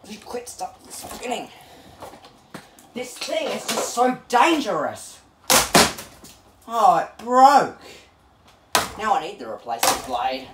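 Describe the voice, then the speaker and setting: A man's voice: high voice, huge pitch swings, measured pace, very noisy. Exasperated guy muttering at a fan. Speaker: channel host. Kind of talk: casual vlog commentary while smashing a fan. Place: small home studio room. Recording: echoey room, mic far off, loud clattering.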